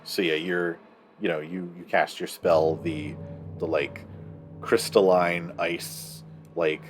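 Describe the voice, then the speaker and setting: A man narrating as game master of a tabletop game, relaxed and laughing, drawing his descriptions out. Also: sits low, slow, faint music behind.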